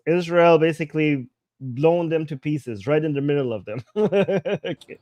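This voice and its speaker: A man's voice: fairly high pitch, animated, unhurried, a little mellow, no echo. A man giving casual commentary, translating Persian video clips aloud and laughing often. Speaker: political commentator.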